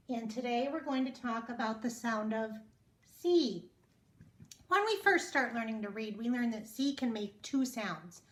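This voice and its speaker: A woman teaching a phonics lesson, sounding out words slowly and carefully for young readers. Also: on the high side, reverberant. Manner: slow, careful, drawn-out word sounding. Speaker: reading teacher.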